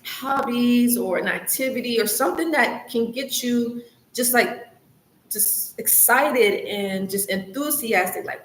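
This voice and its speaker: A woman's voice: fairly high pitch, slow pace, fairly bright tone. A woman hosting her own advice vlog. She talks casually and earnestly, with lots of "like" and "you know", and repeats points to encourage the listener. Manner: chatty, loose, full of "like" and "you know". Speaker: channel host, coach on recovery from narcissistic abuse. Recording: echoey room with faint background hiss.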